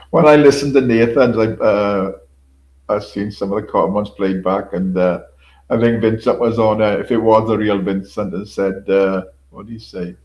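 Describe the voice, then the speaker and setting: A man chatting casually as a livestream host, rambling and swearing freely, often halting on fillers. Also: fairly low pitch, steady tone, reverberant, lo-fi sound. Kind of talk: casual stream chat.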